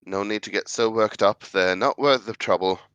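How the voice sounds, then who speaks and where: A man doing a smooth, folksy half-elf fixer. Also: fairly low pitch, normal speed, fairly bright tone, no room sound, dull audio, natural voice. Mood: soothing. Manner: folksy and soothing, calls people friend.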